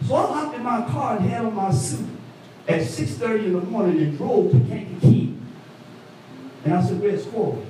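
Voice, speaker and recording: A man preaching an animated call-and-response sermon, recorded from a distance in a church. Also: moderate pace, slight background noise. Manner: animated call-and-response preaching, voice swooping high for quoted women. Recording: echoey hall, mic from afar.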